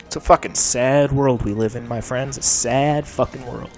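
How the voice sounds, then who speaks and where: A young man vents in an angry, profane rant, dropping to low mutters and then bursting into shouts. His mouth is sore, and his voice sits at a middle pitch. Faint music plays behind him. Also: fairly even intonation, normal speed. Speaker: gaming channel host. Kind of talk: angry vent to camera.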